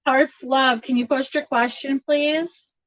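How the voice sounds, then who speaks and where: A woman's voice: sits high, no room sound, lo-fi sound. A woman tarot reader chatting casually on a livestream, laughing often between remarks.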